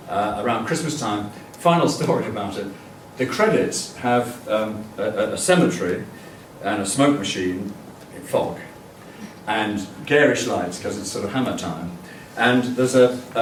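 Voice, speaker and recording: An older man with a fairly low voice tells anecdotes in a public lecture, chatty and rambling, with lots of "uh" and restarts. He is picked up from a distance in a roomy, echoing lecture hall. Faint room noise sits underneath. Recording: echoey hall, distant mic.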